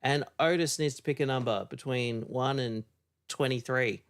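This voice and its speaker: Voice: medium pitch, normal speed. A co-host in casual streamed chat with puppets, joking playfully. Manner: playful, jokey.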